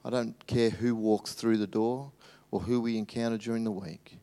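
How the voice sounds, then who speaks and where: A man preaching a sermon as pastor, swinging between loud animated bursts and hushed, tender asides. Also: lowish voice, normal speed.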